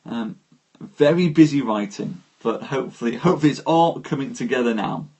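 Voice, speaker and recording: A man hosting a live stream, reading poetry aloud and chatting with viewers, greeting them by name in an unhurried way. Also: mid-range voice, animated, a little mellow.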